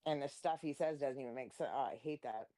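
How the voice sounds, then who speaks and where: A woman hosting a live stream, telling crude, laughing gossip stories in a casual chat. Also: fast talker. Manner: profane, laughing, animated gossip; mimics others in a high squeaky voice.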